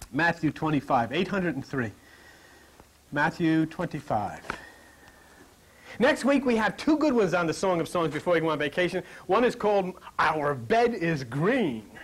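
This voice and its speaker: A man preaching a lively sermon to a congregation, joking and dropping to a whisper to stress points. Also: a little high, slight background noise. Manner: animated, jokey, drops to whispers for emphasis.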